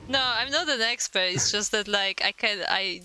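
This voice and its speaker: Chatty woman co-caster, bright voice. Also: mid-range voice, moderate pace, a little hiss or hum. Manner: chatty, self-deprecating. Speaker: esports co-caster. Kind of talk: live game commentary.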